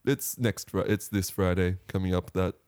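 A man's voice: low voice, fairly even intonation, normal speed, darkish tone, clean tone, no echo, studio quality. A young man co-hosting a podcast, telling easygoing stories about his week. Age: young adult. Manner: laid-back, easygoing storytelling. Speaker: podcast co-host. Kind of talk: casual chat.

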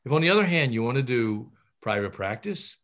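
Man, middle-aged surgeon, energetic interview talk, lots of you-knows and restarts, mid pitch. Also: fairly quick. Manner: animated, energetic, with frequent fillers and restarts. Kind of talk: interview advice.

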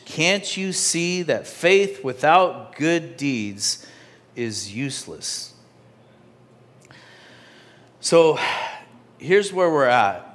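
A man preaching a sermon in a church, talking to the congregation in a conversational way that swings from loud and emphatic to soft, almost whispered. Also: a little high, lively intonation, drawn-out words, pauses often. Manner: conversational, with restarts and asides to the congregation. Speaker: pastor.

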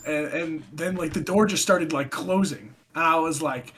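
A young man with a high, bright voice tells a story in casual chat with friends. He swears often and laughs along, and he shouts out the lines he quotes. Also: fairly quick. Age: young adult.

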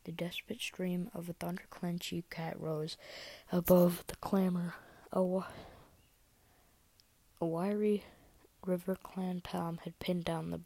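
A woman reading a story aloud in a soft whisper, with small slips and restarts. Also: on the low side, gravelly, dry recording, rough recording.

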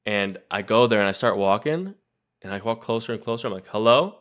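A man's voice: lowish voice, fairly quick. A young man telling a story in casual podcast chat, filling his talk with "like" and acting out what people said. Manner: animated, full of "like", acts out quotes.

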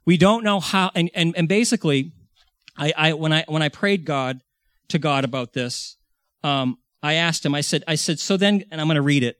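A man's voice: on the high side, lively intonation, moderate pace, no echo, clean studio sound. Earnest preaching man in his forties. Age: 40s. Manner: earnest, with frequent restarts and repeated words. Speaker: pastor. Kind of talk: sermon recounting a vision.

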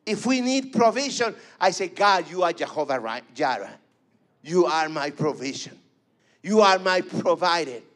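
A man's voice: on the high side, animated, moderate pace, fairly bright tone. A man preaching a fervent sermon, repeating phrases and calling for responses.

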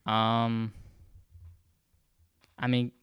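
A man co-hosting a podcast, chatting casually and often pausing to search for words. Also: mid-range voice, completely flat delivery, fairly bright tone, smooth, no echo. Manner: hesitant, searching for words with many fillers. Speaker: podcast co-host. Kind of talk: casual chat.

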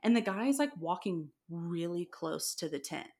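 Animated woman telling a story. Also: fairly low pitch, normal speed. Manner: animated storytelling, acts out quoted dialogue, laughs often. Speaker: podcast co-host. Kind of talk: casual chat.

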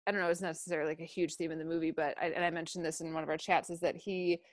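A woman's voice: sits low, flat delivery, racing, no echo, clean studio sound. A young woman guest on a podcast, talking reflectively and openly about her feelings in casual chat. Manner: reflective, open, speaks candidly about feelings.

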